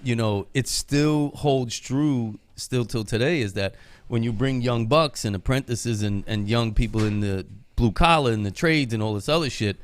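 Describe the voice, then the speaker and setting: A man hosting a casual podcast, talking loosely and profanely about working in the trades. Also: mid-range voice. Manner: loose, profane, laughs often. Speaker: podcast host.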